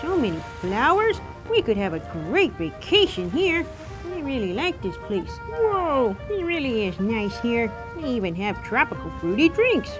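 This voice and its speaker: A woman voicing a cheerful young gummy gator pirate in a kids' pretend-play video, full of excited whoas and squeals. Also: sits high. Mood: relaxed. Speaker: show's title character. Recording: music playing behind.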